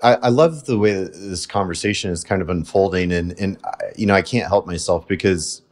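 A man's voice: deep voice, fairly quick. A man hosting a podcast, talking casually and rambling, repeating words and using lots of fillers. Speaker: podcast host.

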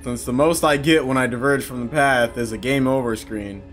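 A young man commentating a game playthrough, excitable and jokey, shouting out spell names. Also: mid-range voice, normal speed, soft background music. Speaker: gaming YouTuber. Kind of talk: let's play commentary.

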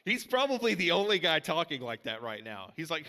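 Male pastor, chatty sermon delivery, slightly high voice, echoing sanctuary. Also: sing-song, a little fast, hardly any pauses, pushed and bright. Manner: conversational, many fillers and restarts. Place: church sanctuary. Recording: church hall reverb.

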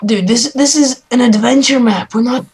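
A man, playing a video game with a friend, easily excited and prone to panicked yelling. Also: very high-pitched, moderate pace, slightly rough. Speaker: gameplay co-host. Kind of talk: casual gameplay chat.

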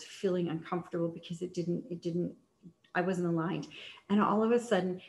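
Chatty woman coach in an echoey room. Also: on the low side. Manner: chatty, many fillers and restarts. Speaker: sales coach. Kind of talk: casual teaching talk.

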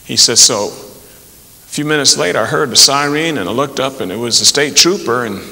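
A man telling folksy jokes to an audience in an unhurried way, slipping into voices for the people in them. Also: mid-range voice, vocal fry, pushed and bright. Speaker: storyteller. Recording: long hall reverb.

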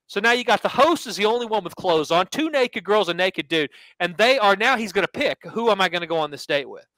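A man hosting a sports podcast, telling a story in a casual, animated way and acting out quotes. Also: sits high, no room sound, low-quality recording. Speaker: podcast host and sports handicapper.

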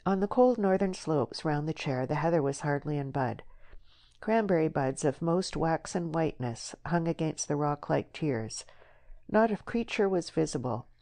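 Low, gravelly woman narrator. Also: lively intonation, moderate pace, warm tone. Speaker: audiobook narrator. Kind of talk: scripted narration.

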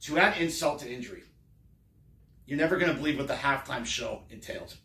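Gravelly guy rambling thru a football recap, kinda sarcastic, echoey room. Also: medium pitch, lively intonation, brisk, sharp tone, far from the mic. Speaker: sports fan vlogger. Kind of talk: casual game recap.

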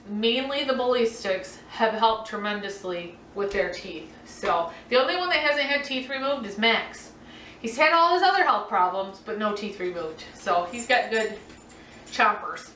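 A middle-aged woman chats casually to her viewers from a room at home, with a bright voice and plenty of light laughs and ums. She sits a little back from the microphone. The room adds a clear echo, and a faint hum runs underneath. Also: fairly high pitch, far from the mic. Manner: chatty, laughs often, many ums. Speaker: vlogger answering viewer questions. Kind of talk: casual chat. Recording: roomy echo, voice a bit off-mic.

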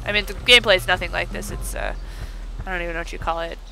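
A woman's voice: fairly low pitch, steady tone, quick pace, gravelly, music in the background, rough recording. A woman hosting a let's play, giving bubbly, chatty commentary and talking to the game as she plays. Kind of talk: casual gameplay commentary.

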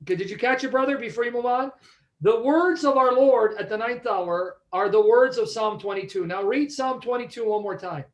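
A man's voice: very high voice, moderate pace. A man teaching a Bible study, emphatic and repeating questions to check that his listeners follow.

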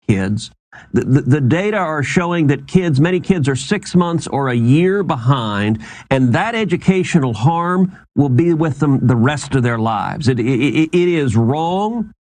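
A man's voice: a little high, animated, unhurried, a little mellow, no echo. Indignant man repeating his words. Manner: stammering restarts, indignant. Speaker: politician interviewed on TV. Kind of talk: political talking points.

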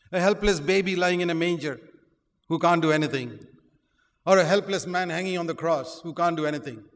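A man preaching a sermon, impassioned and building to forceful, emphatic peaks. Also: high voice. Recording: long reverb of a large hall.

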